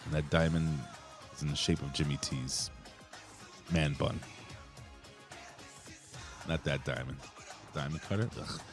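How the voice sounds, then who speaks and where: A man co-hosting a wrestling podcast in casual chat, loud and jokey, swearing as he reads out viewer comments. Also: a bass voice, fairly even intonation, unhurried, pauses often, over music. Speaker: podcast co-host reading chat.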